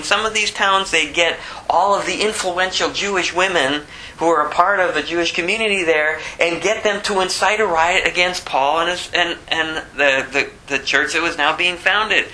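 A man's voice: sits high, sharp tone, a little hiss or hum, poor audio. A man giving an informal sermon as a Bible teacher, emphatic and conversational, repeating phrases for effect. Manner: conversational with asides.

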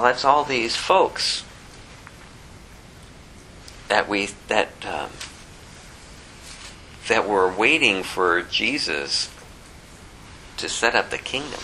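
A man's voice: medium pitch, bright, forceful tone, a little hiss or hum, rough recording. A man preaching a sermon, reading scripture and asking the congregation rhetorical questions in a conversational way. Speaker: pastor.

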